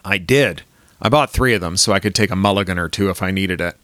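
A man's voice: deep voice, fast, a bit bright, dry recording. A man voicing a wry, paranoid middle-aged tech founder in an audiobook reading.

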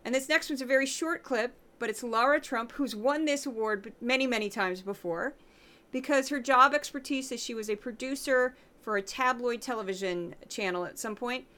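Bright-voiced, sarcastic middle-aged woman host. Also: on the high side, moderate pace. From Midwest, St. Louis. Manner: sarcastic, animated. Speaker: podcast host. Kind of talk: opinionated commentary on news clips.

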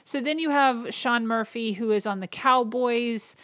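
A woman's voice: fairly high pitch, unhurried, fairly bright tone, no room sound. A woman hosting a podcast, chatting enthusiastically through a casual movie recap. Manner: chatty and enthusiastic, reading out favorite quotes. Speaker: podcast host.

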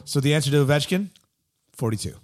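A man's voice: on the high side, expressive, fast, a little mellow. A man co-hosting a podcast in casual chat, talking in a wry, analytical way with dry jokes. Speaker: podcast co-host.

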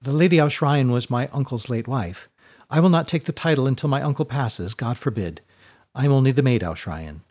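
A man's voice: mid-range voice, expressive, brisk, a little mellow, close to an everyday voice. A man voicing a prim, formal young lady. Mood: reserved. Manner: formal and polite. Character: proper, reserved young country noblewoman.

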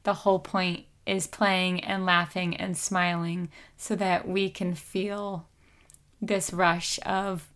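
Soft-spoken woman on a zoom call, leading vocal play nice and slow, calm and soothing. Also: on the low side. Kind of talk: gentle guided podcast chat on a video call. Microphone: video call.

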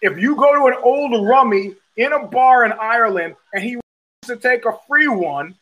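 Profane rambling man, higher voice. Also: moderate pace, fairly bright tone, rough recording. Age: middle-aged. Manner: profane, rambling, many restarts. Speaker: podcast host. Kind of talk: casual monologue.

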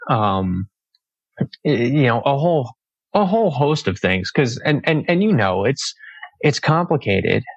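A young man as an interview guest, speaking earnestly and reflectively with halting phrasing. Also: medium pitch, very animated, no echo, highs cut off. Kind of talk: conversational interview.

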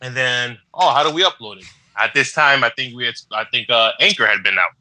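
A man's voice: medium pitch, fairly quick, pushed and bright, no room sound, low-quality recording. A man co-hosting a podcast, chatting casually in slangy speech. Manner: laid-back storytelling with slang and cursing. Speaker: podcast co-host.

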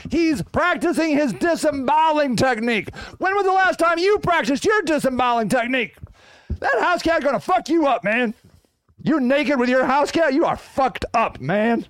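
A man hosting his own podcast, ranting in a profane, fiery way that swings from loud outbursts to low, muttered growls. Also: normal speed, no room sound. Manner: animated, ranting. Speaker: podcast host. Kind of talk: solo podcast rant.

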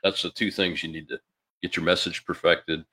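Very deep-voiced folksy male host. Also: flat delivery, bright, forceful tone, breathy edge. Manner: folksy, halting advice full of fillers. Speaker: show host. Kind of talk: casual call-in talk.

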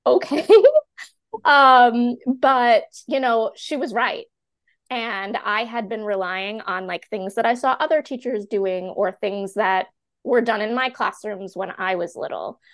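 A woman in her thirties, a teacher and classroom coach, telling her story as a podcast guest in a chatty, animated way full of "like" fillers. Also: medium pitch, a little slow. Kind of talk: candid personal storytelling in a podcast interview.

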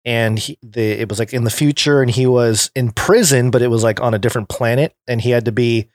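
A man's voice: mid-range voice, steady tone, brisk, no echo. A man co-hosting a casual podcast, making dry quips and laughing along. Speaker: podcast co-host.

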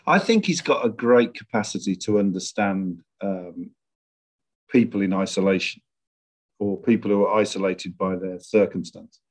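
A middle-aged man, a screenwriter guest in a conversational interview, speaking in a reflective, measured way as he searches for words. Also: low-pitched.

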